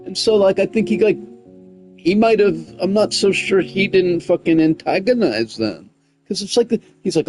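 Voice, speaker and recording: A man with a slightly raised voice talks casually on a gaming livestream, rambling with endless fillers. He gets heated and louder as he retells a conflict, while faint music plays underneath. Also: sits high, expressive, moderate pace. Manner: rambling, full of "like" and "you know what I mean".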